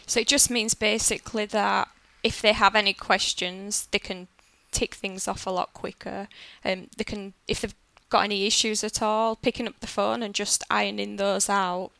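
Yorkshire woman guest, bright edge, bit of fry, plain practical explainer. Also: medium pitch, level tone, moderate pace, few pauses, no room sound. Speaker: business development manager, guest. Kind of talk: podcast interview answers.

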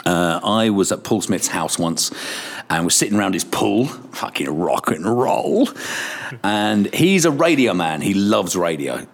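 A man's voice: on the low side, fairly bright tone, husky. A middle-aged man, a radio presenter, telling anecdotes in a casual interview, swearing freely and laughing often. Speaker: radio presenter, podcast guest.

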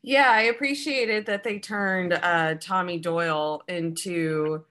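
A woman co-hosting a podcast, riffing playfully and deadpan through a casual comedic film review. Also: lowish voice, slow. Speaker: podcast co-host.

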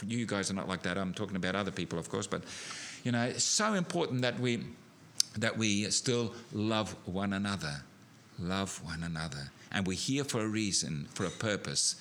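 A middle-aged man preaching a sermon, animated, building to emphatic peaks with frequent restarts. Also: low-pitched, moderate pace, a little hiss or hum.

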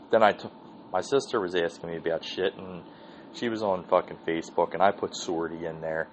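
A man's voice: sits low, normal speed, pauses often, highs cut off, a little hiss or hum. A man hosting his own podcast, telling a rambling, profane story in a casual solo monologue. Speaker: podcast host.

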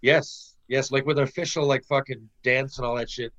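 Highs are cut off in this clip of a middle-aged Canadian man who once played pro hockey. Speaking at normal speed in a mid-range voice, he spins a casual, profane yarn and acts out the quotes with gusto.

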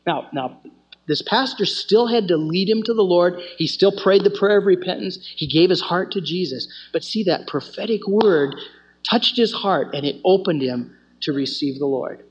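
Man, earnest teaching sermon, husky tone, slightly high pitch, muffled lo-fi recording. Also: animated, moderate pace. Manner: earnest storytelling, often restarting phrases. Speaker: campus ministry teacher. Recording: dull lo-fi recording.

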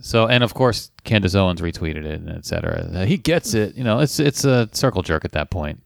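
A man co-hosting a podcast in casual chat, speaking in a dry, measured way. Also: low-pitched, lively intonation, vocal fry, no room sound. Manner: dry, measured, reads posts aloud. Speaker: podcast co-host.

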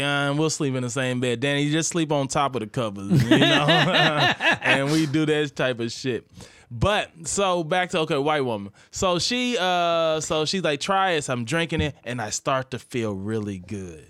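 With a higher-leaning voice captured in clean studio sound with no room sound, a young St. Louis comedian guests in a casual chat. He spins wild stories animatedly, laughing frequently and acting out people's quotes.

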